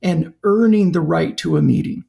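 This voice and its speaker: A man speaking as a podcast guest, telling a story in an animated, conversational way. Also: fairly high pitch, normal speed, creaky. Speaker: podcast guest, company founder.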